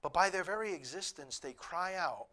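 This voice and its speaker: A man preaching a sermon, emphatic, rising to near shouts on key phrases. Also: on the high side, lively intonation, moderate pace.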